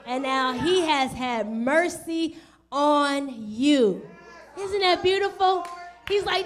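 A woman with a high voice preaches a sermon as pastor. She speaks straight to her listeners with questions. She brings the story to life by putting on the voices of its people. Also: expressive, takes it slowly, faint music behind. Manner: direct questions to the congregation.

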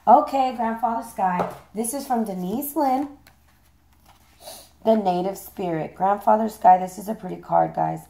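A hoarse woman giving a chatty, playful tarot reading, swearing casually as she talks. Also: medium pitch, unhurried, dark tone. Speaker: tarot reader.

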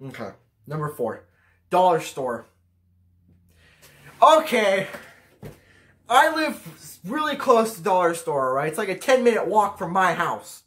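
A man's voice: high voice, big pitch swings, takes it slowly, long pauses, a bit bright. A teenage boy vlogging a casual rant to camera, ranking pet peeves in a profane, exasperated way. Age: teens.

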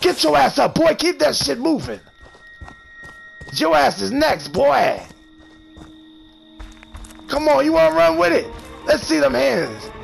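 A man streams a horror game and taunts the other players in loud, cursing, mock-threatening bursts. His voice is very high and full of gravelly fry. Loud game music runs behind him. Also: big pitch swings, slow pace, long pauses. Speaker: gamer streamer. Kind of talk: trash-talking gameplay commentary.

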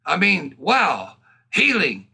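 High, gravelly-voiced male preacher. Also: huge pitch swings, slow, sharp tone. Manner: fervent, punctuated with hallelujahs and bursts of laughter. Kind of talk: sermon.

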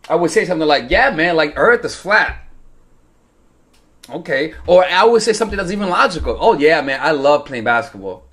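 A man's voice: high voice, a bit bright. A young man, a dating coach, telling a casual story to women viewers and acting out quotes with swearing. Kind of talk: casual vlog advice.

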